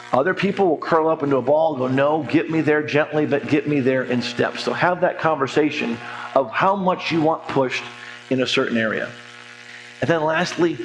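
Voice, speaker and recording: A man in his forties, a financial coach teaching a church class in a conversational way, telling stories and acting out quoted voices with jokes. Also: on the high side. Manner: lively storyteller, acts out quoted voices, jokes. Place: church hall.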